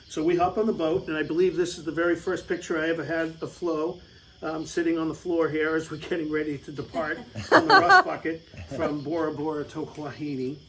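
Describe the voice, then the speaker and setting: A man's voice: on the high side, fairly quick, a bit bright, a little hiss or hum, low-quality recording. A middle-aged American man telling a rambling, casual travel story over slides, with lots of fillers and laughs. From United States.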